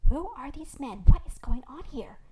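Woman reading as a stern, protective grandmother who demands answers, clipped and sharp. Storybook delivery with a somewhat high tone. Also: lively intonation, normal speed, background noise.

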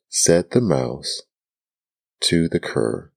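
Very deep-voiced man reading a bedtime story. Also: measured pace. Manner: calm, soothing. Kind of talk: soft-spoken ASMR bedtime reading.

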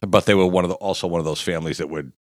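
A man in his fifties with a very deep voice tells a wild story in casual podcast chat. He swears constantly and keeps breaking into laughter as he goes. The sound is close and dry, with no room around it. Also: rapid-fire, no echo. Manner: profane, laughing, animated storytelling. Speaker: guest storyteller.

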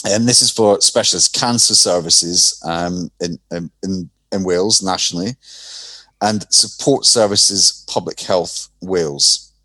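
A man's voice: low voice, measured pace, pushed and bright, dry recording, rough recording. A man co-hosting a podcast, explaining a structure in an informative way with many ums and restarts. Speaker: podcast co-host. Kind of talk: casual explanatory chat.

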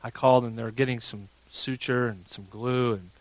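A man in his thirties, a pastor preaching a sermon and telling a family story with big swings from hushed to loud. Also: mid-range voice, fairly even intonation, moderate pace, no echo, poor audio.

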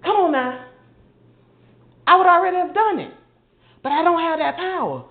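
Older woman preaching, high voice, tinny phone sound, echoey room. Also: normal speed. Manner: impassioned, conversational, mimics others in mocking asides. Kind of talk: informal sermon.

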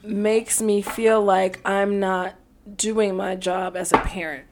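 A woman co-hosting a podcast in casual chat, agreeing often and reflecting in a soft way. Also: mid-range voice, fairly even intonation, slow, noisy background. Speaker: podcast co-host.

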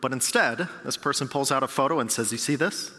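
A man's voice: mid-range voice, a little fast, sharp tone. A man preaching a sermon as a pastor, talking in a conversational way and acting out quoted people. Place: large church hall. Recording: long reverb of a large church hall.

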